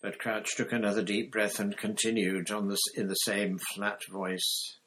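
A man narrating an audiobook in a measured, even reading style. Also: on the low side, breathy edge. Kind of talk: scripted narration.

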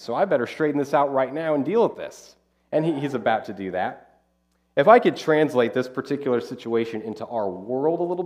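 A man preaching a conversational, animated Bible-teaching sermon as pastor. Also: mid-range voice.

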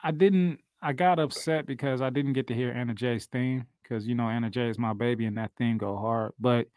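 A man's voice: mid-range voice, fairly even intonation, a little fast, a little mellow, no room sound. A man co-hosting a wrestling podcast, talking loosely and profanely with frequent laughs. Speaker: podcast co-host. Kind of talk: casual wrestling talk.

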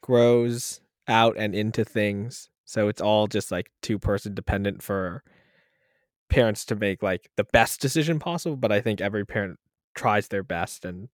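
A man co-hosting a casual podcast chat, laughing often and talking things through in a relaxed way. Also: on the low side, moderate pace, no room sound, studio quality. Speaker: podcast co-host.

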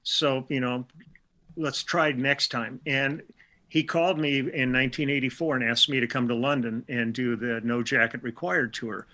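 A man's voice: mid-range voice, steady tone, normal speed, bright, forceful tone. An older man from Milwaukee, a session musician being interviewed, telling chatty stories with restarts and quoted dialogue. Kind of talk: casual storytelling interview.

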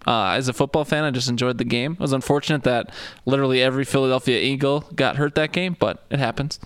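A man co-hosts a laid-back football chat, rambling a little and poking fun at himself. His voice is smooth and clear, with a dry, close sound and no room around it. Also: medium pitch, quick pace, fairly bright tone, dry recording. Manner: chatty, self-deprecating, rambling with fillers. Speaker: podcast co-host. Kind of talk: casual sports chat.

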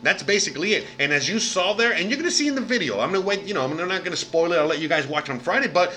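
A man's voice: high-pitched, animated, very fast, pushed and bright, a little hiss or hum. An American man vlogging to camera in a casual rant, profane and rambling, with lots of "you know what I mean". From United States. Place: living abroad in Mexico.

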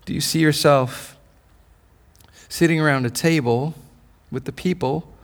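Male pastor, higher-pitched voice, passionate sermon delivery, rhetorical questions, stumbling restarts. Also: unhurried. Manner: impassioned preaching with repeated questions and stammered restarts. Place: church service.

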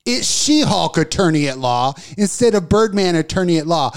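A man's voice: a little high, animated, moderate pace. A man on a casual talk show, ranting profanely and laughing as he argues about movies. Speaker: podcast co-host. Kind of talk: casual comedic rant.

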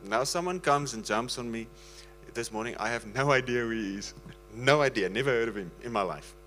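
An earnest male preacher speaks in a casual sermon style, pleading gently with his listeners. His voice sits in a middle register and keeps a loose, talky rhythm. A faint electrical hum runs underneath the recording. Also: medium pitch, brisk, low-quality recording. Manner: earnest, pleading, breaks into laughter.

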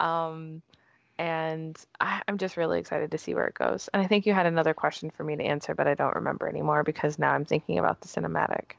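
A woman's voice: low-pitched, level tone, vocal fry, no room sound. A woman guest in casual chat, gushing emotionally about a trailer. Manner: gushing and emotional, quick bursts. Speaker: guest discussing a game trailer.

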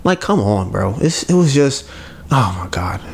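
A man's voice: medium pitch, a little slow, vocal fry, slightly rough. Laid-back, rambling male podcast host. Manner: laid-back, admits a monotone delivery; rambling, self-correcting, swears casually. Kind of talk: casual podcast chat.

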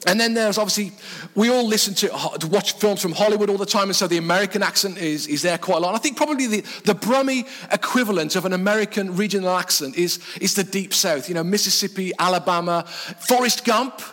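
A man from the English Midlands preaches to a church crowd in a chatty, self-mocking way, laughing often. His voice sits high for a man. Long reverb from the church hall trails every phrase. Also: fast talker, a bit bright. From Black Country, English Midlands. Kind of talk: sermon.

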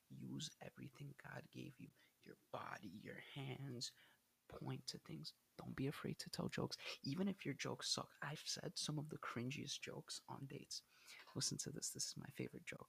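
Young male podcast host, lively pitch, gravelly tone, blunt coach giving dating tips. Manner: blunt, coaching, animated storytelling. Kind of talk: casual advice monologue.

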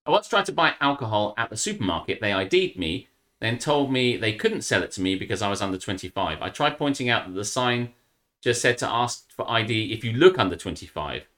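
Guy on a podcast, bright voice, pitch jumping all over, swears a lot. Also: a little fast. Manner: animated, swears freely, slips into mocking put-on voices. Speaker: podcast co-host. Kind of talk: casual chat.

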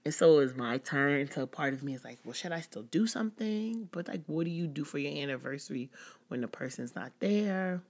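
A woman's voice: rumbling low, brisk, darkish tone. A woman hosting a casual personal podcast, talking candidly and rambling with many "like"s. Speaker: podcast host.

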